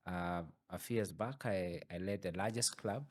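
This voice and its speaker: A man's voice: low voice, moderate pace. A man from Kenya, a pastor and adventure rider, speaking as an easygoing interview guest. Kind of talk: casual interview.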